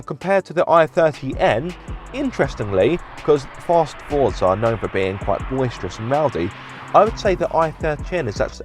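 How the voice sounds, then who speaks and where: A man hosting a casual car review, talking from inside a car, chatty and self-deprecating with plenty of fillers. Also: mid-range voice.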